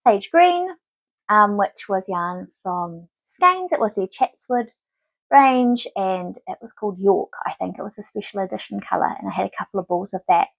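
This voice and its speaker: A woman's voice: medium pitch, vocal fry, dry recording. A woman in her thirties hosting a knitting podcast, chatting casually and rambling with many filler words. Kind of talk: casual chat to camera.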